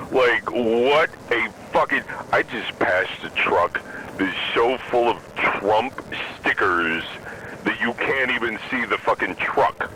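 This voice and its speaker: A man's voice: medium pitch, slow pace, noisy background. A man hosting a podcast, delivering an angry, profane rant from a moving vehicle. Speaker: podcast host.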